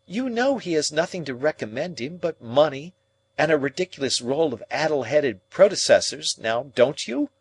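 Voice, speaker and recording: A man's voice: on the high side, sing-song, moderate pace, slightly rough, no echo, voice pushed up, heavily acted. A male audiobook reader playing an anxious young man who pleads insistently, his voice raised and emphatic, in a dry recording. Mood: pleading.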